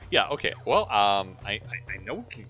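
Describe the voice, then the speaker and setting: A man's voice: lowish voice, big pitch swings, fairly quick, pushed and bright, highs cut off, faint music behind. A man hosting a let's play, giving casual gameplay commentary with wry, joking asides.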